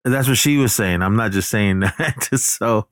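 Smooth low-voiced man rambling through a story. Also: normal speed, dry recording, clean studio sound. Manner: rambling, backtracks and corrects himself often; acts out the characters' lines in passing. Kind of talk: casual retelling of a film plot.

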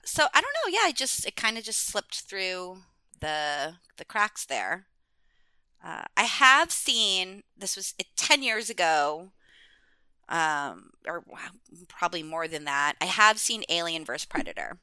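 A woman with a lowish, bright, crisp voice chats casually as a podcast guest. She rambles from thought to thought, leans on "like," and laughs often. The recording is dry and close. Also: very animated, a little slow, no room sound. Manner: rambling, many "like"s, frequent laughs. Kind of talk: casual chat.

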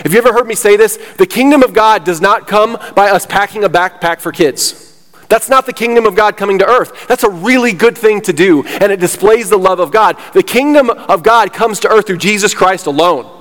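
A man's voice: high voice, fairly quick, fairly bright tone. A man preaching a sermon as pastor, fired up and slightly out of breath, emphatic and repeating himself. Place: church sanctuary. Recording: long hall reverb.

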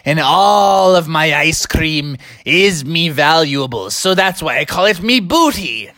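A woman's voice: sits low, animated, measured pace, fairly bright tone, no room sound. A woman plays a salty cartoon pirate behind an ice cream counter. He growls in pirate talk and orders customers about, recorded dry and close. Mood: gruff. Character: gruff male pirate ice cream seller.

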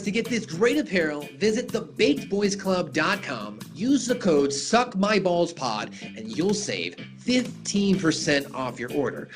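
A podcast co-host doing a hypey, joking sponsor read in a mid-pitched voice. Music plays clearly behind the talk.

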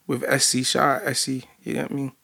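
A man's voice: medium pitch, completely flat delivery, fairly quick, creaky, sharp tone. A young man, co-hosting a casual group-chat podcast in a laid-back, slangy way. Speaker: podcast co-host.

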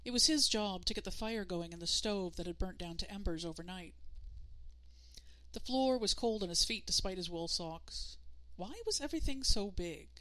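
A woman narrating a novel in a steady, measured storytelling manner. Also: fairly low pitch. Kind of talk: audiobook narration.

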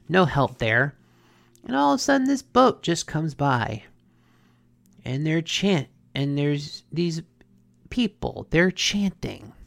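A speaker retells an episode as a casual story recap, animated and rambling, often correcting themselves mid-sentence. The delivery is slow with a gravelly edge, and the sound is dry and close. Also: mid-range voice, dry recording. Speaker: show recapper.

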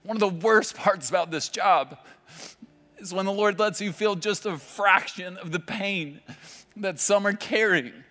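High-voiced preacher in a big echoing hall. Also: male voice, pushed and bright. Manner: vivid, impassioned storytelling with dramatic pauses. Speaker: pastor. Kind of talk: sermon. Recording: long hall reverb with faint music. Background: faint music.

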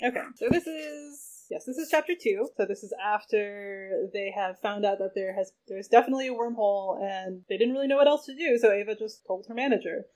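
A woman's voice: medium pitch, a little fast, hardly any pauses. A woman author reading her own novella aloud expressively and chatting casually over a video call. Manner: expressive, laughs easily. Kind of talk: casual chat and book reading.

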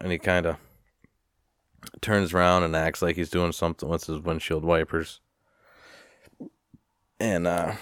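Deep-voiced man ranting profanely. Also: dry recording, studio quality. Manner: profane, storytelling, animated retelling. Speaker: podcast host. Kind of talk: casual rambling rant.

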